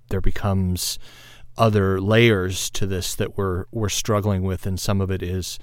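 A man's voice: lowish voice, clear, resonant tone, no echo. A man hosting a podcast in a casual, rambling, self-deprecating monologue, often laughing at himself. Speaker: podcast host.

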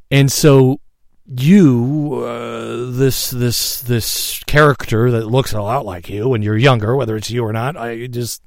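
A man narrating a guided visualization story in a casual way, checking in with "right?" and chuckling softly. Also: mid-range voice, dry recording, studio quality.

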